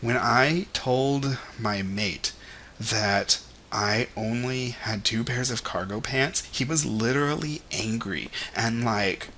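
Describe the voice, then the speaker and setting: A man's voice: mid-range voice, takes it slowly, pushed and bright, slight background noise. A young man talking in a casual vlog monologue, rambling and candid, with lots of "like" and "you know". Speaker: vlogger.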